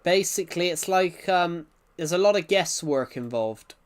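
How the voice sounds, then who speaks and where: A man with a thick regional accent, chatting on a live game stream in a rambling, halting way with many restarts. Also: high-pitched, animated, smooth. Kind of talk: live-stream chat while gaming.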